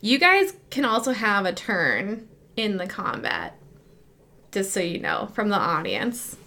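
A woman's voice: medium pitch, wildly swooping pitch, unhurried, creaky, bright, forceful tone. A woman narrating as game master, casual and full of filler words.

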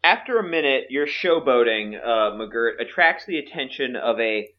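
A man narrating a tabletop game as game master, halting with many fillers. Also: medium pitch, expressive, muffled recording.

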